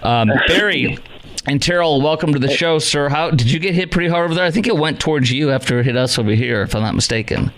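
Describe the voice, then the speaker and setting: A man hosting a call-in talk radio show, chatty and animated with many asides. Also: on the high side, fast talker. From North Texas.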